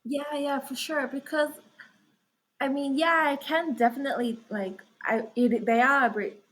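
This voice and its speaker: A woman from Australia, a guest on a podcast, speaks with a somewhat high voice. She agrees readily and talks in halting, restarting phrases as she works out her thoughts. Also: fairly even intonation, fairly bright tone, poor audio. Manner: agreeable, quick to affirm, hesitant restarts. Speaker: guest visual artist. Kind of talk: casual conversational interview.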